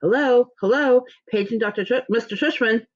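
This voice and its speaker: A woman reading aloud, putting on a high, fake old lady voice in a playful, sing-song way, on a dull lo-fi recording. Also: normal speed, natural voice. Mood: teasing.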